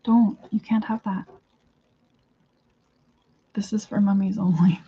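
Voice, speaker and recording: A woman's voice: medium pitch, fairly even intonation, takes it slowly, breathy edge, lo-fi sound. A woman chatting casually to her pet bird in cooing baby talk, swearing now and then. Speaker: vlogger.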